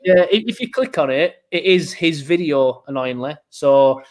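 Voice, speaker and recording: A man's voice: fairly high pitch, lively intonation, moderate pace, slight background noise. A man hosting a casual football podcast, chatty and jokey, rambling with fillers and restarts. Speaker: podcast host.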